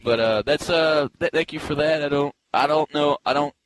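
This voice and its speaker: A man's voice: on the high side, normal speed, poor audio. A man hosting a casual podcast, joking around and reading listener letters aloud. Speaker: podcast host.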